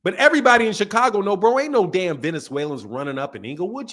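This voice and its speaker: A man's voice: sits high, lively intonation, fast talker, fairly bright tone. A man hosting a casual podcast, ranting emphatically and swearing a lot. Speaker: boxing channel host. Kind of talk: casual profane podcast rant.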